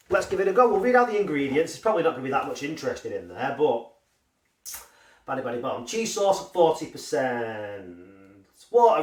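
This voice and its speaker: A man's voice: fairly high pitch, far from the mic. A man casually reviewing a frozen pie, rambling and swearing with self-mocking humour. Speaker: food reviewer. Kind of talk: casual food review vlog. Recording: echoey room, voice off mic.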